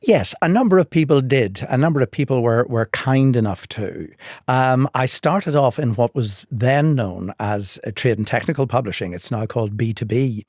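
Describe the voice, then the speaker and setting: A man's voice: medium pitch, darkish tone, no echo. Articulate Northern Irish man, dry close sound. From Northern Ireland. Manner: articulate, measured storytelling with dry humor. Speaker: guest. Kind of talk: podcast interview.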